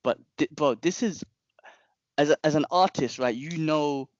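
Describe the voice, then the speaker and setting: A young man, a podcast co-host telling a long story in casual chat, animated and rambling, with frequent restarts and slang. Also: on the high side, normal speed, no room sound, highs cut off.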